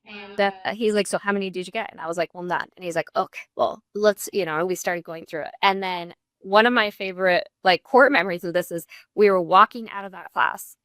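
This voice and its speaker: A woman's voice: medium pitch, a little fast, hardly any pauses, fairly bright tone, no echo, clean studio sound. A woman, a real estate coach, talking candidly in an interview and often acting out what people said. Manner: candid storytelling with frequent restarts, acts out quoted dialogue. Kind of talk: casual interview conversation.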